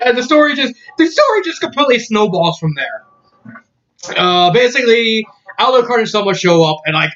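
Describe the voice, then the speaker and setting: A man's voice: sits high, big pitch swings, normal speed, bright, forceful tone. A man casually reviewing a story, laughing often in disbelief and using many fillers. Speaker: fan fiction reviewer. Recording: dull lo-fi audio.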